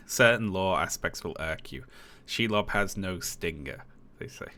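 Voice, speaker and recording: A man's voice: sits low, measured pace, bright, forceful tone. A man streaming live, chatting casually, chuckling and reading on-screen text aloud with dry remarks.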